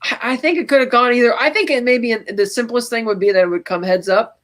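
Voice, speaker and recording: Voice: medium pitch, fast. A podcast co-host casually recapping a movie scene by scene, quoting its lines along the way and laughing often. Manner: animated retelling, quoting movie lines in passing.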